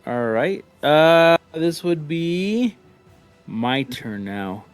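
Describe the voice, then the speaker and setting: A man's voice: on the high side, animated, very slow, clear, resonant tone, no room sound, faint music behind. Man running a tabletop game, joking. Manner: loose, rambling, jokey narration. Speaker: game master. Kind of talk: narrating a live tabletop game.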